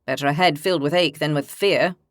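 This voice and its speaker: A woman's voice: low-pitched, a little fast, dry recording, studio quality, pitched below the performer's own voice, close to an everyday voice. A woman voicing a brash, boastful young male warrior with cocky, mocking banter.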